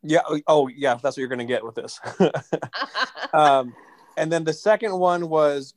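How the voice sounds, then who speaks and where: A man chatting on a podcast, dropping dry, sardonic jokes. His voice sits slightly high for a man. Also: measured pace, slight background noise. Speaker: podcast co-host. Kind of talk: casual chat.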